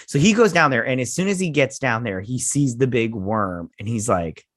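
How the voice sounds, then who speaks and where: Man host, rambling casual recap, mid-pitched, dry close mic, a little tired. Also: normal speed, no room sound. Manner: rambling, animated retelling with acted-out quotes. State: tired, yawning.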